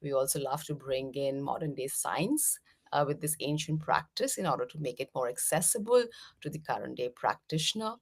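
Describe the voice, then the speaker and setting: A middle-aged woman from India, a meditation teacher, gently explaining mindfulness as a podcast guest with frequent "uh" fillers. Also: very deep voice, normal speed, husky. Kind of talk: podcast interview answers.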